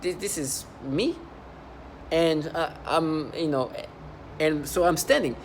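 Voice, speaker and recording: Accented male vlogger, slightly high-pitched, emphatic rambling monologue, faint background noise. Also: slow. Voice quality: speaks with an accent. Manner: emphatic, repetitive storytelling with many restarts. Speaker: vlogger describing his workplace experiences.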